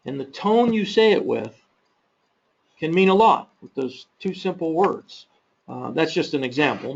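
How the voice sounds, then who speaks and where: A man's voice: on the high side, creaky. Man presenting a training webinar, muffled audio. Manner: measured, practical, with fillers and self-corrections. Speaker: webinar presenter on confrontation management. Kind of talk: instructional webinar talk.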